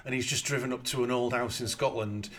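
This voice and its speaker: A man's voice: mid-range voice, fairly even intonation, a little fast, fairly bright tone, slight background noise. A man from Britain co-hosting a casual film chat, wry and skeptical, with lots of "like" and "you know". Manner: wry, skeptical, filler-heavy.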